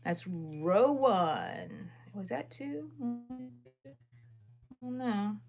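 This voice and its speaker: Woman, middle-aged, crochet livestream host; unhurried, chatty, counts stitches aloud between stories. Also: mid-range voice, gravelly, music in the background. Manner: chatty and relaxed, drifting between dogs, chores and stitch counting. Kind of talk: casual livestream chat while crocheting.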